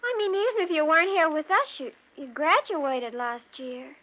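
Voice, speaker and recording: An actress playing a touchy young fiancée in a 1940s radio drama, talking hesitantly and stammering. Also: female voice, high voice, expressive, normal speed. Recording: dull old radio recording.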